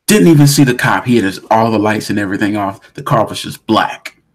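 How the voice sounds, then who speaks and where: Gravelly-voiced man telling a story. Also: lowish voice, brisk. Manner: animated storyteller who acts out quoted voices. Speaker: podcast co-host. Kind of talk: casual storytelling chat.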